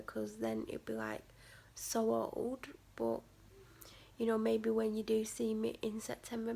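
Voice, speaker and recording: A woman from England talking casually to her vlog camera, her voice fairly high and heavily gravelly with vocal fry. She rambles, leans on "like" as a filler, and often sinks to a near-whisper. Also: a little mellow. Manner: rambling, chatty, many "like" fillers. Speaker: vlogger.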